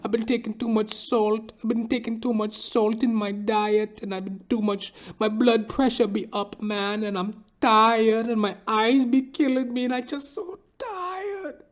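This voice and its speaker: A man's voice: sits high, unhurried, hardly any pauses, pitched above the performer's own voice. A man putting on the voice of a tired, complaining old barber with a Trinidadian accent. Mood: whining.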